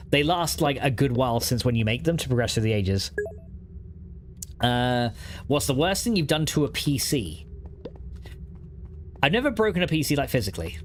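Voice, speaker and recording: Over slight background noise, a medium-pitched man chats casually while streaming a modded block-building game. His talk rambles, packed with "like" fillers and frequent laughter.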